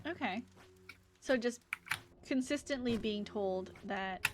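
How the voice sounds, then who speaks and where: Giggly woman streamer with a higher voice. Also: slow pace. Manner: giggly, chatty, reads chat aloud. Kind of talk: casual live-stream chat. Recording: audible background noise and keyboard clicks.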